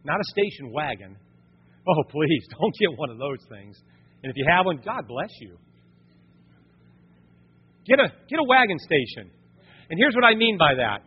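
Male pastor with a high, husky voice, preaching with big swings between hushed and shouted; dull, echoing church sound. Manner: animated, swings from quiet storytelling to loud exhortation. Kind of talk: sermon. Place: church sanctuary. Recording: dull sound, long hall reverb.

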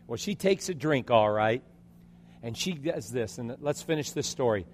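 A man preaching a sermon, telling a story and acting out its quotes, swinging from loud passages to hushed ones. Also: medium pitch, expressive, moderate pace. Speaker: pastor. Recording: long hall reverb.

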